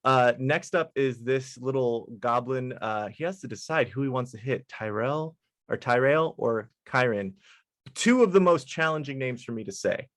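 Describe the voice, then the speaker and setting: A man narrating as dungeon master, relaxed and amused, with frequent hesitations. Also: medium pitch, moderate pace, dry recording, clean studio sound. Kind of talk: narrating a tabletop game.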